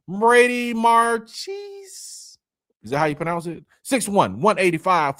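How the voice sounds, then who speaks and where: Animated man hosting a livestream. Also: mid-range voice, no echo, studio quality. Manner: lively, laughing, Southern slang like y'all and man. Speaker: live stream host reading comments. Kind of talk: casual sports talk livestream.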